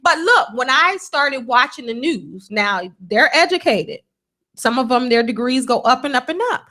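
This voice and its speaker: A woman with a New Jersey accent, hosting a casual radio talk show as an animated storyteller who laughs often. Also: high voice, moderate pace. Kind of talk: casual chat.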